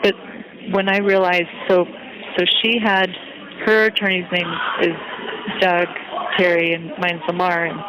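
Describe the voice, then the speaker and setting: A woman on a recorded phone call, talking haltingly and searching herself, with many restarts. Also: fairly low pitch, little pitch movement. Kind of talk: confessional phone conversation. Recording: phone call with crowd noise.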